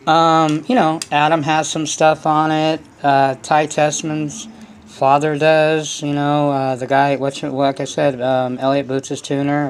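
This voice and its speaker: A man hosting a hobby channel, giving a casual, rambling workshop explanation full of fillers. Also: fairly high pitch. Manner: rambling, loose, many fillers.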